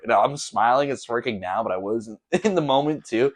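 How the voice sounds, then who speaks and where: A man's voice: lowish voice, fairly quick, hardly any pauses. A young man hosting a casual solo podcast, rambling loosely with lots of slang and swearing. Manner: loose, profane, slangy storytelling. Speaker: podcast host.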